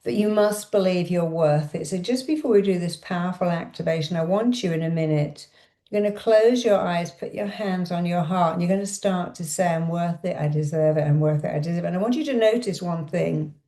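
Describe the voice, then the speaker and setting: A woman leading a guided affirmation and hypnosis session, giving repetitive directive instructions that slow into a soothing countdown. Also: fairly low pitch, warm tone. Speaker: self-help speaker and hypnotherapist.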